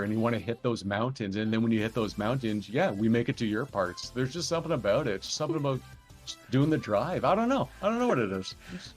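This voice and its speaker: A man from Southern Ontario chatting casually as a podcast guest, rambling and halting with lots of fillers and restarts. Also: mid-range voice. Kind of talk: casual chat.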